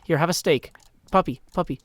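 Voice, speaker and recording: A middle-aged man from Nashville, chatting casually as he plays a game on a live stream, self-deprecating, and often dropping to a hushed mutter. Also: fairly high pitch, fairly quick. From Nashville, Tennessee. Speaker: gaming streamer. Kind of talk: casual live gameplay commentary.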